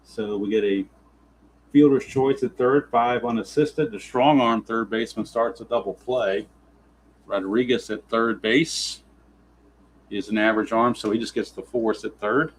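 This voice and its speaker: A lower-voiced man calls a tabletop baseball game play by play, reading out dice results. He grumbles and turns sarcastic whenever the rolls go against him. A faint hiss of background noise sits under his voice. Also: fairly even intonation, a little slow, poor audio. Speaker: tabletop baseball simulation player narrating. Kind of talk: play-by-play style game narration.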